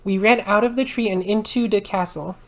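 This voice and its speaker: Woman reader in an ASMR maid role-play, theatrical, mid-range voice, prone to sudden loud bursts. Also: medium pitch, fairly quick. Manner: animated dramatic reading with sudden loud outbursts.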